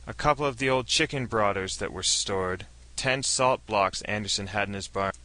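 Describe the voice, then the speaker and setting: A male narrator voicing a troubled small-town storekeeper who speaks heavily and gravely. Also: lowish voice, moderate pace, sharp tone. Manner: heavy, grave.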